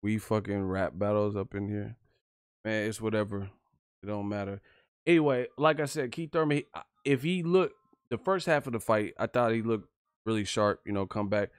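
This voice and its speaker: A man hosting a live stream, giving casual, profane fight commentary, animated and quick to laugh. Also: on the low side, smooth, dry recording, studio quality. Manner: animated, profane, laughing, breaks into yelled impressions.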